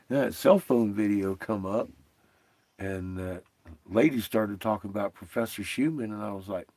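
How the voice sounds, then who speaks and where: A man's voice: fairly low pitch, big pitch swings, slow, pauses often, darkish tone, dry recording. A man hosting a livestream, rambling and profane in casual chat, often breaking into laughter. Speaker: livestream host.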